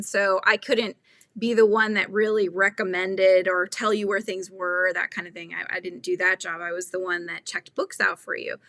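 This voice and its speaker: Chatty woman with a gravelly edge. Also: mid-range voice, dry recording. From California. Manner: thinks aloud, reads viewer comments and pattern steps softly. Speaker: crochet livestream host. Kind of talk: casual live chat while crocheting.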